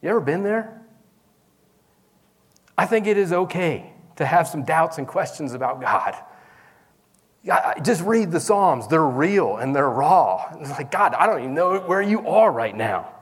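A man's voice: on the high side, very animated, measured pace, husky. A man preaching a sermon as pastor in a church service, talking in a conversational way and calling out to the congregation.

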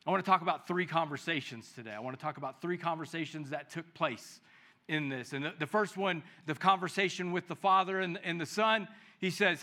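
A man preaching, who reads the scripture with lively dramatic emphasis and leads prayer in a soft, slow voice. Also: sits high. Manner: prays softly and slowly. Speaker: pastor. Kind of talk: sermon with Bible reading and prayer.

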